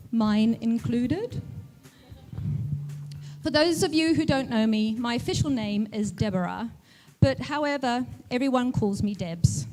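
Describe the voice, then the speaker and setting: A woman speaks at an evening event on a mic, her accent a blend of British, southern African and New Zealand sounds. Her voice sits a little high, and she talks in a chatty, self-deprecating way with a playful posh edge. Faint music runs underneath. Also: a little mellow. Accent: mixed British, southern African and New Zealand. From Central Africa. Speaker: guest speaker. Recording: music playing faintly behind.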